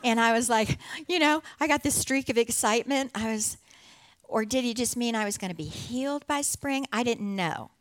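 A middle-aged woman giving an earnest, heartfelt personal testimony to a church congregation, with soft laughter along the way. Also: on the high side, normal speed. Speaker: church speaker sharing testimony.

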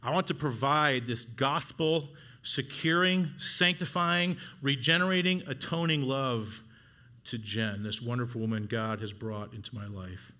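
A man's voice: mid-range voice, measured pace, bright, forceful tone. A middle-aged man preaching an earnest sermon to husbands, urging them on with rising exhortations. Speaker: pastor.

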